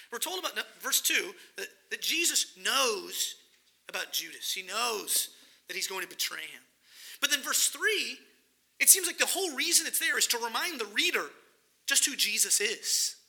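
High, bright, gravelly-voiced male preacher. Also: normal speed. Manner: animated, dramatizing the scripture with acted-out voices. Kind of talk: sermon.

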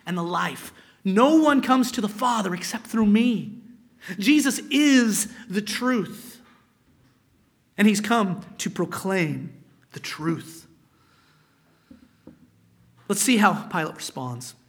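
A man's voice: high-pitched, a bit bright. A male pastor preaching a sermon, reading scripture aloud and explaining it, sometimes dropping to a whisper for emphasis.

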